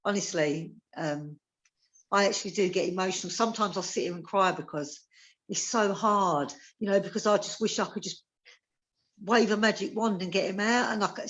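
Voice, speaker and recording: A woman speaking in a heartfelt, halting way, often repeating herself in a conversational interview. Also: lowish voice, low-quality recording. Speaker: campaigner for a prisoner.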